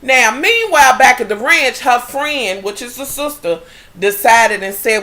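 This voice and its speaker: A woman vlogger recapping a TV episode in a casual chat, animated and profane, with dramatic exclamations. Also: on the high side, measured pace.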